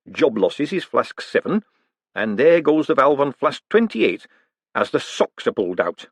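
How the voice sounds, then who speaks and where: A man voicing an eager, fussy little male economist who explains things earnestly and excitably. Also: medium pitch, no echo.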